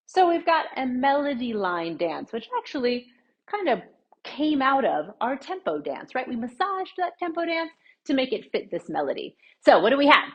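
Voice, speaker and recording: A woman's voice: high-pitched, big pitch swings, moderate pace, breathy edge, dull audio. A woman teaching a dance lesson as the instructor, scatting the rhythm as she demonstrates and often checking in with "right?". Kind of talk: dance lesson with sung counts.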